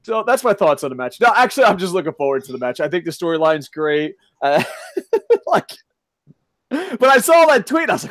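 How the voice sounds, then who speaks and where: A man co-hosting a casual podcast, ranting loudly with lots of swearing. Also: high-pitched, big pitch swings, brisk, no room sound. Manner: loud, profane ranting. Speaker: podcast co-host.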